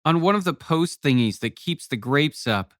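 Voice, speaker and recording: A man reading an audiobook, voicing an excitable young girl in eager, breathless childish chatter. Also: on the high side, normal speed, no room sound, studio quality, voice pushed up, lightly acted.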